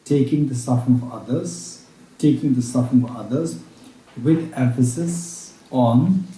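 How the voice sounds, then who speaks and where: Very dark-voiced male teacher, roomy and distant. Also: mid-range voice, a little hiss or hum. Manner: repeats each point slowly, as if dictating; halting restarts, checks in with listeners. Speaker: Buddhist teacher. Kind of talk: dharma teaching at a retreat. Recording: roomy room, speaker far from mic.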